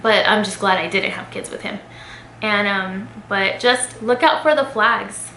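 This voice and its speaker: A woman's voice: medium pitch, a little slow, sharp tone. A young adult woman vlogger telling a personal story to her viewers in a candid, conversational way, full of fillers. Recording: echoey room with faint noise.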